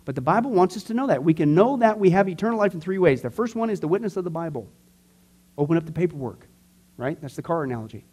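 A man teaching a church discipleship class, earnest and conversational, swinging from emphatic to quiet. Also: a little high, expressive, fast talker, slightly rough.

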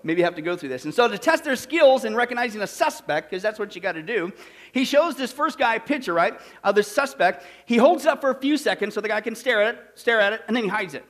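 Animated high-voiced male preacher. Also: fast talker. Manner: animated, conversational, checks in with the audience. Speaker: pastor. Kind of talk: sermon with storytelling.

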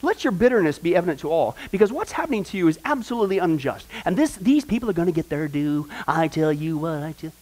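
A man's voice: fairly high pitch, very animated, fast talker, few pauses, darkish tone, poor audio. A man voicing a bitter, complaining apostle locked in a dungeon, whining in self-pity. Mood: bitter, threatening.

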